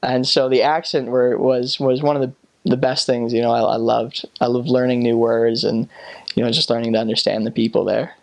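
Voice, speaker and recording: An American man telling casual stories about his time abroad, talking haltingly with many restarts and fillers. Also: mid-range voice, level tone, gravelly, a little mellow. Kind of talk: casual storytelling.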